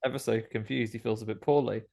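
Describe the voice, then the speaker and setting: A man's voice: fairly low pitch, steady tone, quick pace, gravelly, warm tone. A British man co-hosting a podcast, recapping a film in a wry, slangy casual chat. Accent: British English. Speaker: podcast co-host.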